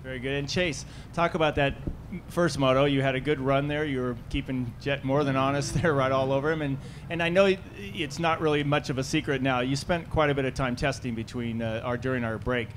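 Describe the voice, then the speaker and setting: Male moderator, mid-pitched, casual questions, faint background noise. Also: fairly even intonation, brisk, few pauses. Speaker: press conference moderator. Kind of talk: asking questions at a press conference.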